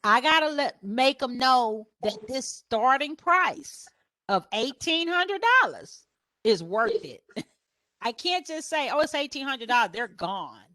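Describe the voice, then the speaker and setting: A woman photographer sharing business advice on a panel. She tells stories and acts out her customers' questions in a higher voice, laughing often. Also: a little slow, dry recording, clean studio sound. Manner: lively storyteller who acts out customers in a higher voice; laughs often while talking.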